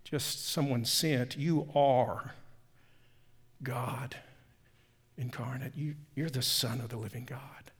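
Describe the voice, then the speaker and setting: Simon, an earnest disciple, as a preacher acts him out. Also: male voice, on the high side, sing-song, slow, pauses often, in a large hall, voice pushed down. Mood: reverent. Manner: emphatic, turning reverent and hushed. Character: earnest male disciple making a confession of faith.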